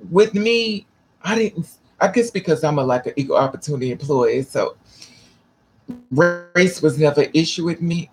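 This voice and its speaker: A man's voice: on the high side, husky. A man vlogging, telling a personal story casually, rambling with restarts and swearing.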